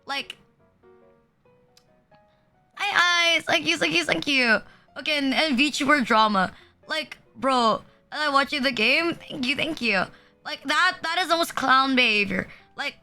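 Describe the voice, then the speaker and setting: A woman's voice: sits high, expressive, measured pace, bright, forceful tone. A woman streamer ranting casually to her chat, filling every sentence with "like" and swearing freely. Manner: heavy filler "like", swearing, exasperated ranting. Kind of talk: casual livestream rant. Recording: faint music behind.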